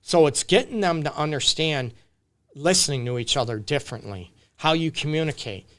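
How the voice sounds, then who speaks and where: Fairly high-pitched and expressive, with a slightly bright sound and a moderate pace, this man answers relationship questions in a relaxed live-stream Q&A. His delivery is loose and improvised, full of fillers and restarts, and he keeps asking "right?" and "you get me?"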